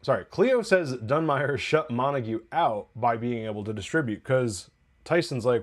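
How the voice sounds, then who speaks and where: A man's voice: medium pitch, animated, moderate pace. Chatty man recapping a TV episode. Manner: chatty, loose, profane asides, laughs while recapping. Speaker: TV review podcast host.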